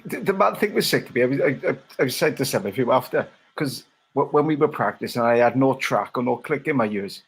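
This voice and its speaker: Husky man who stammers. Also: mid-range voice, animated, a little fast, few pauses. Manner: stammers at the start of sentences. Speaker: band member co-hosting a podcast. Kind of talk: casual chat.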